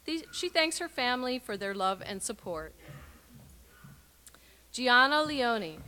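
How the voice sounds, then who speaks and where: Bright-voiced woman announcing graduates. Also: fairly high pitch, sing-song, slow pace, long pauses, a little hiss or hum. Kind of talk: reading graduate names and messages. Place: university graduation ceremony.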